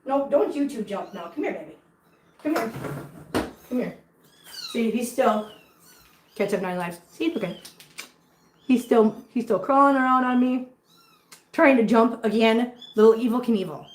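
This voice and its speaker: A woman with a fairly high voice talks to her kittens in gentle, cooing baby talk, then turns to chat casually with her viewers. She is in a reverberant room at home. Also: lively intonation, a little slow, long pauses, a little hiss or hum. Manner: coos baby talk to kittens between chatty asides to viewers. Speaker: cat channel vlogger.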